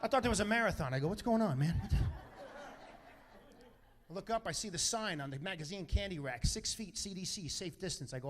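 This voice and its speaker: A man doing a brash, profane stand-up comedy set, telling stories and acting out quotes with loud punchlines. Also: high voice, sing-song, unhurried, long pauses, a faint crowd. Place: comedy stage with a live audience.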